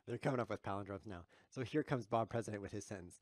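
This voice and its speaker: A man's voice: on the low side, brisk, pauses often, no echo. A man streaming live chess commentary, joking and chuckling as he reads chat messages aloud while he plays.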